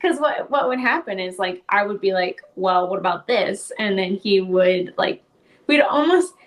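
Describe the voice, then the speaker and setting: A woman's voice: mid-range voice, lively intonation, normal speed. A young woman, a podcast guest, telling her story in a casual interview. She talks in a chatty way, fills her speech with "like" and often laughs.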